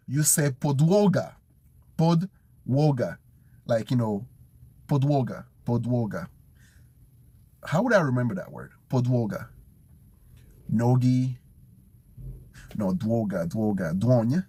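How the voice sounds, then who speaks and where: Man, husky voice, casual self-study, repeats words slowly, thinks aloud. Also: medium pitch. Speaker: Polish learner.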